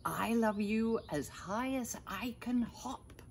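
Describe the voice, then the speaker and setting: An older woman reading aloud, voicing a small, eager, loving young male hare in a picture book, often in a soft near-whisper. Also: on the high side, slow, gravelly, a little hiss or hum, voice pushed up.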